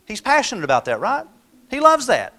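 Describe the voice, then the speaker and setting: A man's voice: sits high, huge pitch swings, a little fast, sharp tone. A middle-aged man giving a live motivational talk, telling folksy stories and acting out the voices of the people in them. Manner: folksy, storytelling, acts out quoted voices. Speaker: motivational speaker.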